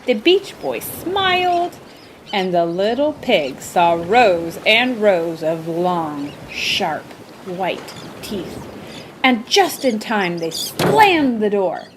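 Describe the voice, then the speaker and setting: A woman reading a children's storybook aloud with slow, emphatic, expressive delivery. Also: medium pitch, noisy background.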